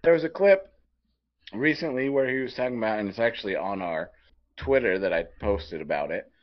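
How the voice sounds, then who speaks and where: A man's voice: on the low side, expressive, a little fast. A man co-hosting a sports podcast, delivering a heated, profane rant. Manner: profane, fired-up ranting. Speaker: podcast co-host. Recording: dull lo-fi podcast audio.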